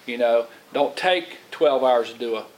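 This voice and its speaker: A man's voice: medium pitch, a little slow, poor audio. A middle-aged man giving an informal Bible teaching in a rambling way, with restarts and repeated words, often acting out what other people say. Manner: rambling, repeats and restarts, acts out quoted voices. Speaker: lay preacher, Bible teacher. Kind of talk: informal sermon.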